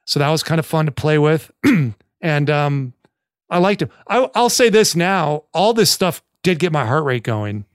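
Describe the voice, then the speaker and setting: Chatty man, a touch high. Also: sing-song, unhurried, smooth, no echo, clean studio sound. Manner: chatty, rambling with many fillers. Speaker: podcast co-host. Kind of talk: casual chat.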